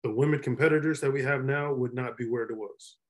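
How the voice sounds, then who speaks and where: A man's voice: medium pitch, fast talker. A man co-hosting a casual wrestling podcast, blunt and opinionated as he talks. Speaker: podcast co-host.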